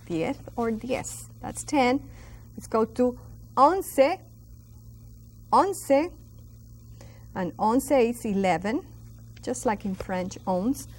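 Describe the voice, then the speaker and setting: A woman teaches a class its numbers, taking her time over every word. Her voice sits a little high, and she draws out each sound with careful, exaggerated pronunciation. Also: darkish tone. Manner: patient, drawn-out, exaggerated pronunciation modeling. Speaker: Spanish teacher. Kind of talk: instructional lesson.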